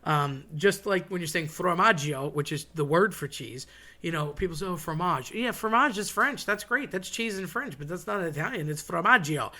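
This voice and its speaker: A man's voice: high-pitched, expressive, normal speed, pushed and bright. A man hosting a casual monologue, chatty and digressive, with wry asides. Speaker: host.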